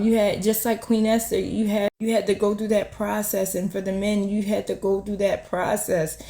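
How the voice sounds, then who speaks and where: A woman hosts her own channel and gives an earnest prophetic word of encouragement, circling back on her thoughts with frequent fillers. Her voice is warm and dark in tone and stays in a narrow pitch range. The room around her echoes noticeably. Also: gravelly. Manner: earnest, repeats herself with many "you know"s. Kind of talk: heartfelt encouraging talk to camera.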